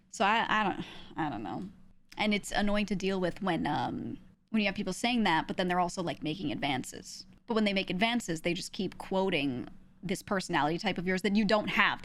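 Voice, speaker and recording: A young woman from New York, a streamer talking in a casual, rambling way and laughing often. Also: medium pitch. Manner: rambling, laughs often, trails off with "I don't know".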